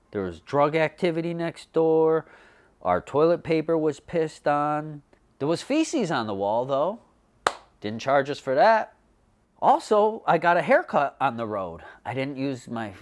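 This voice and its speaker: A man hosting a homemade comedy show, rambling profanely through jokey stories and putting on quick voices. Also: medium pitch. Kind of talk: comedic monologue. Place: bedroom.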